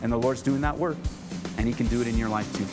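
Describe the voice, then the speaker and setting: A man's voice: mid-range voice, fast talker, music in the background. A man preaching a sermon as a pastor, impassioned and emphatic, repeating phrases for emphasis. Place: church.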